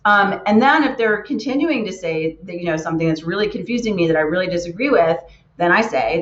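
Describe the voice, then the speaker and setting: A woman's voice: lowish voice, expressive, fairly quick. A woman giving an earnest keynote talk, stressing her points by repeating words. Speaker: keynote speaker. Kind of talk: motivational talk. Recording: roomy, muffled lo-fi sound.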